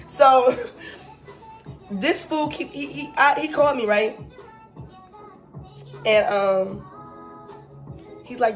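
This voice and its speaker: A young woman vlogger in casual chat, telling a personal story with animated, emphatic asides and exasperated repetition. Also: a little high, moderate pace, long pauses, soft background music.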